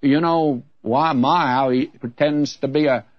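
A man's voice: on the high side, steady tone, a little slow, no echo, dull audio. A man preaching an expository sermon as a radio Bible teacher, earnest and folksy, with candid humorous asides.

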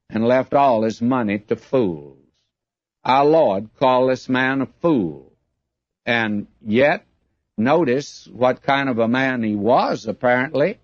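A man preaching a sermon in a slow, deliberate, emphatic way, reading scripture aloud. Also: mid-range voice, no echo. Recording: dull lo-fi old recording.

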